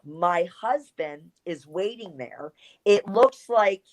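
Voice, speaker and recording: A woman's voice: mid-range voice, slow, low-quality recording. A middle-aged woman, a former wrestler and interview guest, telling a story in casual chat. She acts out what people said and swears casually. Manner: animated storyteller who acts out quoted dialogue and swears casually.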